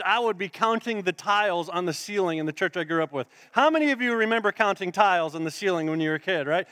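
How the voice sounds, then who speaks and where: High voiced guy preaching, jokey, keeps asking the crowd stuff. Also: a bit bright, no room sound, studio quality. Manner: playful, interactive, joking with the congregation. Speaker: pastor. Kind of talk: sermon. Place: church sanctuary.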